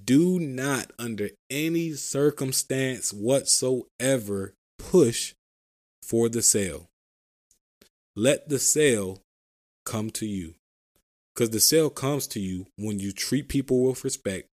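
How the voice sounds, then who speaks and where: A medium-pitched man with a darkish tone hosts a solo podcast offering sales advice. Chatting casually about sales calls, he keeps saying "right?" and plays out sample lines from phone conversations.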